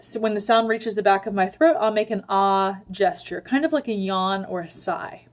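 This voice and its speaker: Woman voice teacher, calm and slow, walks you through breathing step by step, lots of ums. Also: medium pitch. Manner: calm, unhurried, frequent ums, guides the listener step by step. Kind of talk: vocal instruction with sung demonstrations.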